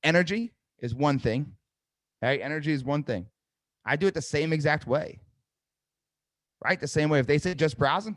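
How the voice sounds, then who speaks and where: A man's voice: a little high, normal speed, pauses often, a bit bright, no echo, studio quality. A middle-aged man coaching salespeople in a live webinar, talking directly and energetically and often checking in with "right?". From New Jersey. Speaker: sales trainer.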